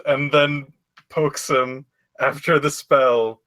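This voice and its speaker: A man playing in a casual tabletop game, speaking slowly and deliberately, often laughing. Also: fairly high pitch, flat delivery, bright, forceful tone, dry recording. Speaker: player.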